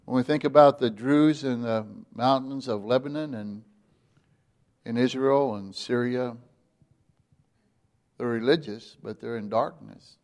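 A man preaching a sermon, emphatic, dropping quiet and then rising loud. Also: mid-range voice, a little slow, pauses often.

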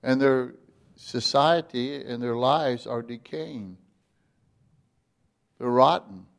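A man preaching a sermon, emphatic, dropping quiet and then rising loud. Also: medium pitch, takes it slowly, gravelly.

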